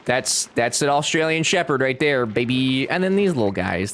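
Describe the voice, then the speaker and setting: A man's voice: mid-range voice, lively intonation, moderate pace, fairly bright tone, slight background noise. A young man chatting casually with his live-stream chat while playing a game, joking and talking back to viewers.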